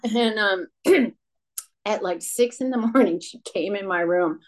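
A woman's voice: medium pitch, a little slow. Candid woman in her fifties sharing. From Rochester, New York, USA. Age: 50s. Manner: candid, self-deprecating, frequent restarts and "you know". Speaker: recovery speaker. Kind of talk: personal testimony talk from a stage. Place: speaking from a stage to a meeting.

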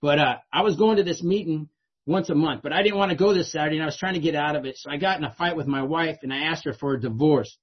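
A middle-aged man with a fairly high, slightly rough voice talks fast as he shares his recovery story at a meeting. Streetwise and poking fun at himself, he keeps tagging lines with "right?", and the recording is dull and lo-fi.

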